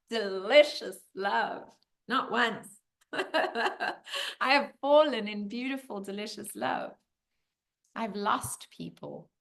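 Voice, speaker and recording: A woman giving a motivational masterclass, animated and storytelling, with bursts of laughter and quiet moments. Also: medium pitch. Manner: animated, laughs and drops to a hush for heavy moments. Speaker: masterclass speaker.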